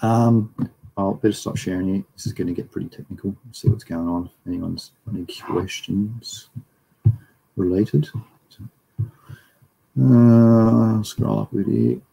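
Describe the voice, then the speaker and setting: A man's voice: fairly low pitch, fairly even intonation, a little slow, gravelly, long pauses, mellow, breathy edge, rough recording. A middle-aged Australian man giving a casual, rambling livestream lecture and reading viewer chat aloud.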